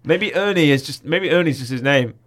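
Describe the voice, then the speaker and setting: Chatty UK man hosting a film chat, voice a touch high, retells scenes with gusto. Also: a little fast, a bit bright. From United Kingdom. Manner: chatty, recounts scenes with quotes. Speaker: film podcast host. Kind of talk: casual chat.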